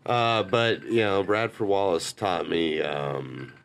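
A man's voice: low-pitched, steady tone, slow pace, gravelly, crowd noise. A young man, a bar manager, chatting casually as a podcast guest in a rambling, laid-back way and swearing freely.

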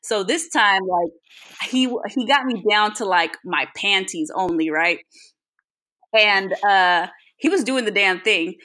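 A woman's voice: medium pitch, lively intonation, measured pace, pushed and bright. A woman co-hosting a podcast, telling a personal story in casual, profane chat. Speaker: podcast co-host.

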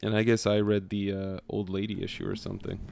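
A man chatting casually in a relaxed way about comic stories. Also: on the low side, fast talker, vocal fry, smooth. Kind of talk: casual chat.

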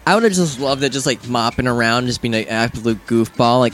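A man's voice: medium pitch, quick pace, fairly bright tone, faint music behind. A man co-hosting a casual podcast, rambling about video games and acting out his own reactions. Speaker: podcast co-host.

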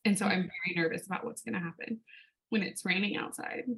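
A young woman with a bright, sharp tone tells an animated story in casual chat. She swears freely and laughs often as she talks. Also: on the low side, fast, low-quality recording. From California.

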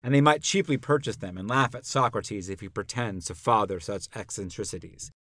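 A man's voice: fairly low pitch, a little fast, fairly bright tone, no room sound, studio quality, natural voice. A man voicing an elderly philosopher on trial, questioning his accuser in a rhetorical, pointed way. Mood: probing, indignant. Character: elderly male philosopher on trial, probing and ironic. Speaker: podcast narrator. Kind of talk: dramatic reading of a classical dialogue.

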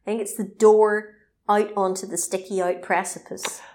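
A woman co-hosting a casual chat, recapping a video game with animated, laughing asides. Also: mid-range voice, moderate pace.

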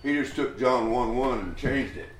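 A man's voice: medium pitch, normal speed, a little hiss or hum. A man preaching a sermon, teaching a Bible passage in a folksy, rambling way with restarts and chuckles. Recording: echoey room, voice from a distance.

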